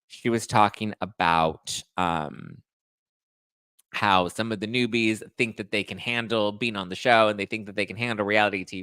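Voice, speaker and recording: A man's voice: fairly low pitch, bright, forceful tone, dry recording. A man hosting a podcast, rambling through casual gossip chat full of "like" and "listen". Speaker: podcast host.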